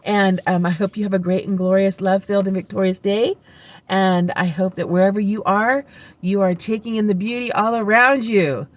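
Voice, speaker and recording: A woman's voice: mid-range voice, fairly even intonation, normal speed. A woman vlogging to camera, telling chatty, rambling stories full of fillers, upbeat and heartfelt. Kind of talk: casual chat to camera.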